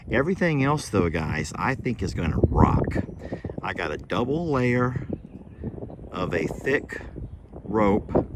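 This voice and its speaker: Working outside at his horse barn, a man with a lowish voice chats casually, telling folksy, rambling stories between chuckles. He's a ranch vlogger doing chores, and heavy background noise fills the recording.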